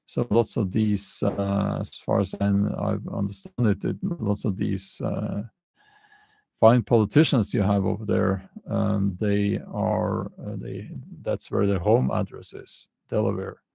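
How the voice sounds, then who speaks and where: A man with a non-native English accent, hosting a casual livestream and answering chat comments in a halting way, with many fillers and frequent chuckles. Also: lowish voice, little pitch movement, vocal fry, dark tone, breathy edge, no room sound. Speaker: channel host answering live chat.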